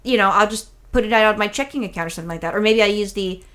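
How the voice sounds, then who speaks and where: Rapid-fire woman co-host, profane and exasperated, tells rambling stories and quotes other people. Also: medium pitch, fairly bright tone. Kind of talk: casual storytelling chat.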